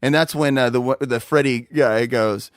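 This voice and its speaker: A young man co-hosting a casual movie review chat, animated and laughing as he mocks the film. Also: mid-range voice, moderate pace, no echo, studio quality. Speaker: podcast co-host.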